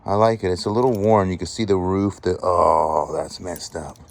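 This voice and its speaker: A man vlogging as he sorts a storage unit find, chatting excitedly and appraising each item aloud. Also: low-pitched, normal speed, gravelly. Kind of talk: casual show-and-tell commentary.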